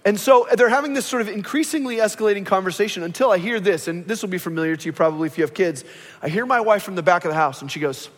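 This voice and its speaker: High-voiced pastor preaching in a reverberant hall. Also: male voice, fast talker. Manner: animated storytelling, acts out quoted voices. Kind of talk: sermon. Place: church sanctuary. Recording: long reverb of a large hall.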